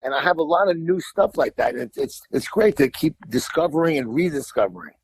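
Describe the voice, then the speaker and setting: A man's voice: a little high, animated, fairly quick, vocal fry, slightly rough, no room sound, poor audio. Rambling older man. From New York. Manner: rambling storyteller, repeats words, colorful and blunt. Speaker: guest musician. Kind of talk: casual interview chat.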